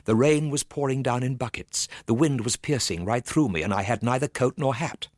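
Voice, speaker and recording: A man narrating a dark, suspenseful story in a tense voice that swings from low murmurs to urgent bursts. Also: moderate pace, no room sound, clean studio sound.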